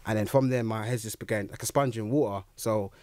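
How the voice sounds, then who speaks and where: Speaking on the low side and a little fast, a young interview guest animatedly recounts his story in a casual chat. He performs his own reactions as he goes. He's recorded close and dry, without echo.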